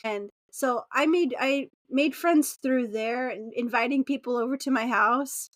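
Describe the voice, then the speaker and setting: A woman's voice: sits high, unhurried, fairly bright tone, no echo, studio quality. A woman from Utah in her thirties, a podcast guest chatting casually and laughing often, sometimes acting out quoted voices. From Utah, USA. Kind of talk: casual interview conversation.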